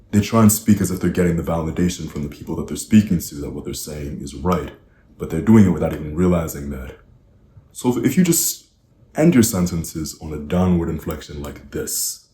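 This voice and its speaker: Man, speaking coach, deep voice, echoey room with faint noise behind. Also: mellow. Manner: earnest, direct, asks the listener rhetorical questions. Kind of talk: instructional advice talk. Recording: roomy echo, faint background noise.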